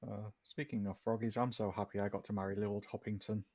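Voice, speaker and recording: A man's voice: on the low side, little pitch movement, quick pace, a little mellow. A young man on a game stream, chatting casually and joking at his own expense. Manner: self-mocking, joking. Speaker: stream co-player. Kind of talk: casual chat.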